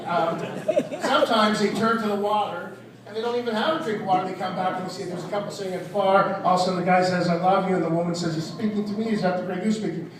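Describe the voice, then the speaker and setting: On a club stage, an older man does stand-up full of rambling self-mockery, leaving jokes unfinished as he trails off. He speaks quickly in a high, steady voice. The audio is distant and echoey, with the crowd laughing throughout.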